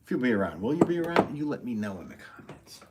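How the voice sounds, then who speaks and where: A man's voice: medium pitch, sing-song, quick pace, very noisy. A man who is a potter, chatting casually with viewers on a live stream, rambling and chuckling often as he reads comments.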